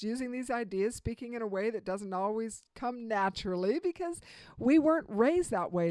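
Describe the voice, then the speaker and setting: Woman, middle-aged, instructional talk, emphatic, slightly high voice, dead dry sound. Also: a little mellow, no room sound. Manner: earnest and emphatic, slowing down on key points. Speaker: communication speaker.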